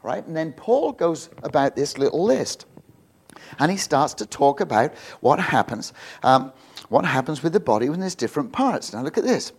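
A man's voice: fairly high pitch, very animated, normal speed, breathy edge. A man giving an informal, jokey sermon, rambling with many restarts. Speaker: visiting preacher.

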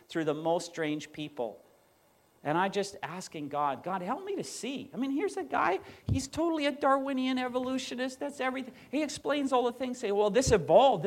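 A pastor delivering a sermon to his congregation. His voice sits high and moves all over the place. He tells stories with animated emphasis and acts out the people he quotes. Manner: animated storytelling, quoting others with emphasis.

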